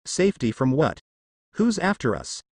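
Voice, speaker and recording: A man's voice: medium pitch, wildly swooping pitch, normal speed, no room sound, studio quality. A man reading as an exasperated teenage boy. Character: blunt teenage boy demigod.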